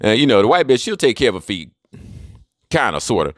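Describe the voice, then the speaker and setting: A man's voice: medium pitch, very animated, a little fast, dry recording, clean studio sound. A man in a casual, rambling monologue, profane and drawling, often trailing off into fillers. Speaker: monologue speaker.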